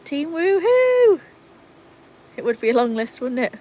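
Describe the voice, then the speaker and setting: A woman's voice: a little high, little pitch movement, fast talker, darkish tone, rough recording. An English woman hosting a casual livestream outdoors, chatting with viewers and greeting them by name. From England. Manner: baby-talks and calls to the dogs. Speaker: livestream host with dogs. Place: outdoors by a pool in sunshine.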